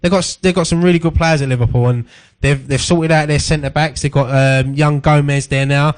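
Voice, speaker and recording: A man's voice: on the high side, steady tone, brisk. A man with a Cockney accent co-hosting a radio show, talking football in an easygoing, jokey way. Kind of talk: casual football chat.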